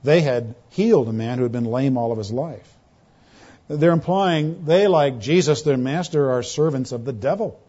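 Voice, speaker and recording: A man preaching an expository sermon as pastor, rising to loud, pointed quotations and dropping to hushed, quiet lows. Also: lively intonation, moderate pace. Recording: dull lo-fi sermon recording.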